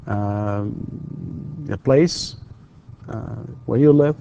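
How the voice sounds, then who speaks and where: Male English lecturer, unhurried classroom delivery with lots of pauses, drills lines patiently. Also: medium pitch, creaky, dark tone, lo-fi sound, slight background noise. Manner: deliberate, repeats drill questions for learners; hesitant, many fillers.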